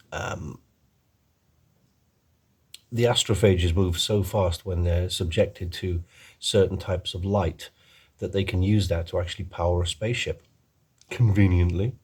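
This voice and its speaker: A man's voice: low voice, a little mellow, slightly rough. A man giving a rambling, casual film review, full of ums and restarts.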